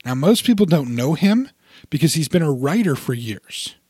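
A man's voice: a little high, sing-song, normal speed, darkish tone, husky, no room sound, studio quality. A man co-hosting a casual podcast chat, explaining things at length with frequent restarts. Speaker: podcast co-host.

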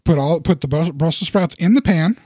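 A man's voice: a little high, fairly quick, mellow, no echo, clean studio sound. A man chatting casually about food, rambling and self-deprecating. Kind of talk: casual chat.

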